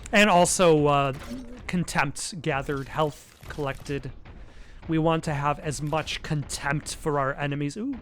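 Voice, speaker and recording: A man's voice: fairly high pitch, steady tone, measured pace, slight background noise. A man giving casual gameplay commentary, rambling and self-deprecating with lots of hesitant restarts. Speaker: let's play commentator.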